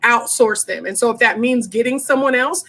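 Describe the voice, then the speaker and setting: A woman's voice: a little high, moderate pace, a bit bright. A woman hosting a homeschooling live Q&A from her desk at home, talking frankly and casually and calling her viewers y'all. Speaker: homeschool livestream host. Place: home desk during livestream.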